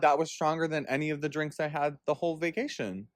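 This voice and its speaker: A man's voice: quick pace, no echo. Campy, profane young man telling a story. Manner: animated, campy and profane, leaps into high squeals when excited. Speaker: podcast host. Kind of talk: casual storytelling monologue.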